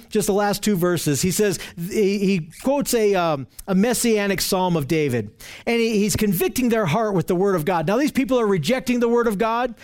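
A man's voice: high-pitched, a little mellow. A man preaching a sermon, emphatic and repetitive, often restarting phrases.

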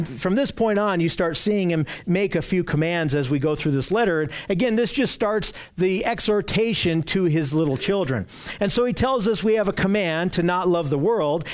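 Male Bible teacher, high voice, earnest and emphatic, repeats words on restarts. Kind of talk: Bible study lesson.

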